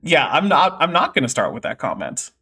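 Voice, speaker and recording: Bright-voiced man explaining science. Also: on the high side, sing-song, fairly quick, slightly rough. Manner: explanatory, lots of fillers, nerdy asides. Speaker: host. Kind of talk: livestream explainer chat.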